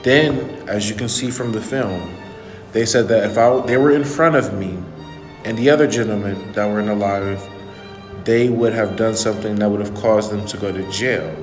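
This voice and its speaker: A man's voice: fairly low pitch, normal speed, roomy sound, long reverb tail, soft background music. A man hosting his channel, giving an earnest, indignant commentary on a clip he played and repeating his points for emphasis. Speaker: channel host.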